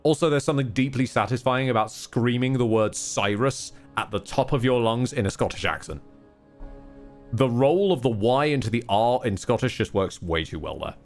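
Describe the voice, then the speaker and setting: Animated, swearing male game streamer. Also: mid-range voice, normal speed, soft background music. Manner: rambling, swears often, candid asides. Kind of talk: casual live-stream gameplay commentary.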